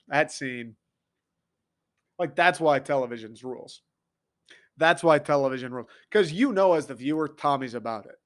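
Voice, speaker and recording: An American man hosts a podcast solo, talking in an excitable, swearing, animated rant. His voice sits somewhat high for a man, and his energy jumps around as he gets worked up. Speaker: podcast host.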